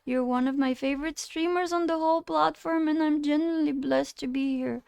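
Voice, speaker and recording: A woman's voice: sits high, fairly even intonation, brisk, gravelly, a little mellow, no room sound. A woman streaming live, chatting casually and animatedly with her chat, often getting indignant and laughing.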